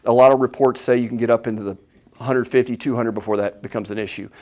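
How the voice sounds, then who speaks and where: Animated man lecturing on health. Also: mid-range voice, quick pace. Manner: animated, opinionated, asks the audience questions. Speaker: chiropractor giving a health talk. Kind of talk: live seminar talk to an audience.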